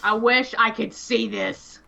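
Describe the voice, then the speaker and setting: A woman's voice: fairly high pitch, fairly even intonation, slow pace, creaky, bright, forceful tone, dull audio. A woman streamer chatting casually during a game, laughing and teasingly indignant. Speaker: gamer streamer.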